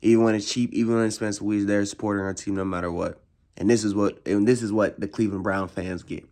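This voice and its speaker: A young man, a frustrated football fan, ranting in casual slang, repeating himself and swinging his voice high in exasperation. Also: steady tone, quick pace, darkish tone. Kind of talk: casual rant.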